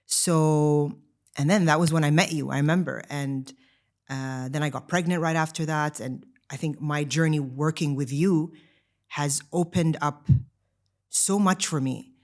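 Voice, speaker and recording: A woman in her thirties co-hosting a podcast, telling her own story in casual chat, animated and full of "like" fillers and restarts. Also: deep voice, a little slow. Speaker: podcast co-host.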